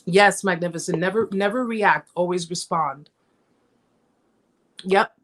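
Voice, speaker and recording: Emphatic woman hosting a live chat. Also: measured pace. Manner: conversational, emphatic, repeats herself; reenacts stories with raised pitch. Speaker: host.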